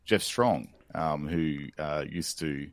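A man's voice: very deep voice, takes it slowly, no room sound, studio quality. A man co-hosting a podcast in easygoing chat, chuckling with many fillers. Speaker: podcast co-host.

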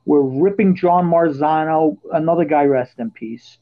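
A man hosting a podcast, telling casual stories and getting loud and animated when he quotes his own yelling. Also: a little high, measured pace. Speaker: podcast host. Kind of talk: casual storytelling chat. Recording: dull lo-fi podcast audio.

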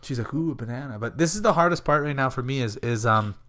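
A man's voice: mid-range voice, animated, fast, fairly bright tone. A man in his thirties, a fighter, chatting casually on a podcast and rambling through a story while acting out the people he quotes. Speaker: MMA fighter.

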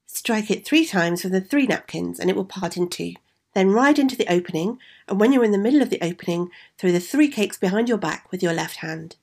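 A woman's voice: lowish voice, creaky, a little mellow, breathy edge. A woman voicing a kindly old woman in a fairy tale, giving shelter and advice.

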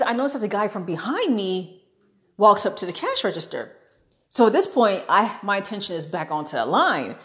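A young American woman vlogger retelling a travel story in a casual, animated way, acting out what people said. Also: medium pitch. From United States. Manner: animated, dramatic retelling with quoted asides.

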